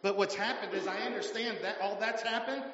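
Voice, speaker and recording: A man's voice: sits high, fairly even intonation, brisk, a bit bright. A middle-aged man preaching a sermon as pastor, emphatic and repetitive, in a large church. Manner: emphatic preaching with repeated phrases. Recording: echoey hall sound, muffled.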